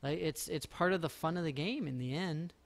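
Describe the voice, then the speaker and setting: A man's voice: a little high, a little fast, gravelly. A man streaming a game live, talking casually in a rambling way and making self-mocking jokes.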